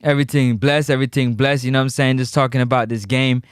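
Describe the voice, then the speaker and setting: A man hosting a live call-in football show, teasing and animated in his street slang. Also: medium pitch, fast, clear, resonant tone, no room sound, studio quality. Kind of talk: casual live sports talk.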